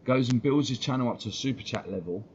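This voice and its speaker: A man's voice: mid-range voice, darkish tone. A man hosting a fan channel, ranting heatedly and swearing a lot during live-stream commentary. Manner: heated, sweary, fast-talking rant. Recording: dull lo-fi stream audio with faint noise.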